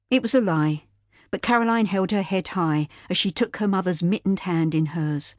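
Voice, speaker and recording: An audiobook narrator reads a historical novel in scripted narration, her storytelling voice even and measured. The pitch is fairly low, and the studio recording is dry.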